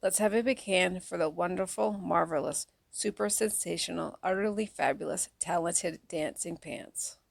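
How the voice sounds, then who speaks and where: A woman reading children's poems aloud in a soft, unhurried, even way, close to the mic. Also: lowish voice, creaky, dry recording. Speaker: audiobook reader.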